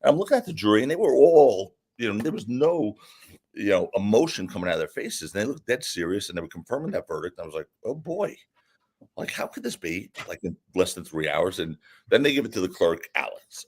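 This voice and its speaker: Guest attorney, male: low, slightly husky voice, swings widely in pitch, animated storyteller. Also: fast talker. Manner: animated, lively anecdote-telling. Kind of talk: casual interview storytelling.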